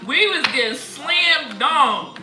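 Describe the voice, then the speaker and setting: A woman hosts a spiritual livestream, speaking slowly in a high voice as she chats casually and tells stories with lots of laughter. She's an animated storyteller, heard in an echoey room with faint music playing.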